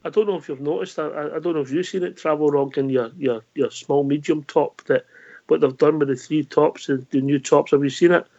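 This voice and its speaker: A man's voice: a little high, steady tone, brisk, darkish tone. A Scottish man hosting a casual call-in show, matey and chatty with callers. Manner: matey, calls everyone mate. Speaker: host. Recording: dull lo-fi online audio.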